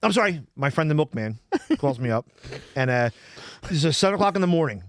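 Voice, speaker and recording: Laughing storyteller, lively pitch. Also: male voice, brisk, dry recording. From Philadelphia. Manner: laughs often, loses his thread and restarts. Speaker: podcast guest. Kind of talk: rambling comic storytelling.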